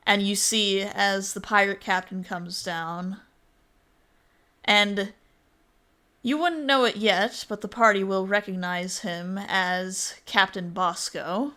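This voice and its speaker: A woman game master narrates a tabletop game at a slow, easy pace, describing the scene and asking for checks. Her voice is bright and clear, mid-pitched. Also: fairly even intonation. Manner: unhurried, descriptive, calls for rolls.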